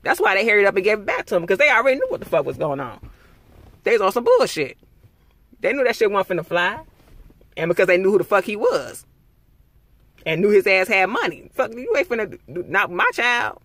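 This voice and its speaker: A man's voice: high voice, a little fast, long pauses, no room sound. Heated, profane young male reviewer. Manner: profane, heated, animated ranting. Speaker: TV show reviewer. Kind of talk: casual episode review rant.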